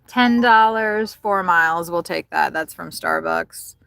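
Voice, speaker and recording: A woman's voice: unhurried, creaky, a bit bright, clean tone, no echo. A woman chatting casually with her viewers while driving for food deliveries, swearing now and then. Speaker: delivery driver livestreamer. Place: inside a car. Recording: car rumble in background.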